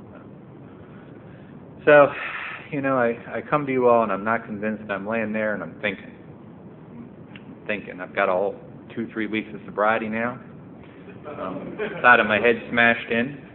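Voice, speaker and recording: A man sharing his personal recovery story at a meeting, earnest and building to emphatic passages. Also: on the low side. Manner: earnest, rising to emphatic and impassioned. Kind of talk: personal testimony talk. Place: meeting room. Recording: tinny phone-like recording, faint noise.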